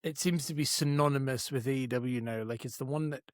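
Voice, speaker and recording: A man's voice: medium pitch, brisk, no room sound, clean studio sound. A Scottish man from Scotland, co-hosting a casual podcast chat, blunt, joking and a bit sweary. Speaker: podcast co-host.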